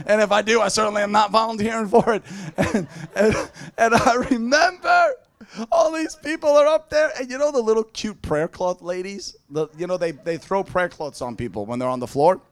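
A man preaching a sermon through funny personal stories, animated and often breaking into laughter. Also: high-pitched, brisk. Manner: animated, laughing storyteller who mimics people. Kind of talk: storytelling sermon.

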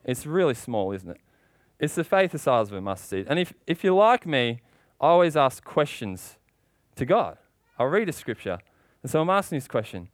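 A man's voice: very animated, moderate pace, dry recording. A man preaching a sermon with passion, asking rhetorical questions and getting worked up as he goes. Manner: impassioned, rising in pitch when worked up.

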